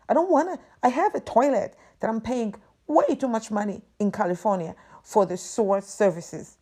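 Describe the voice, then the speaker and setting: A woman's voice: medium pitch, warm tone. A woman hosting a podcast, delivering an exasperated, profane and emphatic ranting monologue. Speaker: podcast host.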